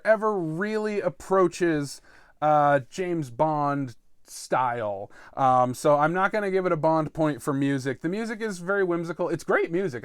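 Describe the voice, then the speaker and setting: Animated, lively-voiced male podcast host. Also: smooth, no echo, clean studio sound. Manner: animated, swings between loud asides and low mutters, frequent ums. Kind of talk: improvised comedic podcast monologue.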